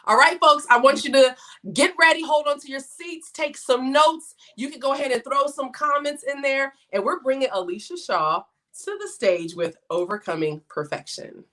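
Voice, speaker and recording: A woman's voice: sits high, lively intonation, moderate pace, fairly bright tone. A woman hosting a livestream in a casual, chatty way, reading viewer comments and hyping her guests. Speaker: host.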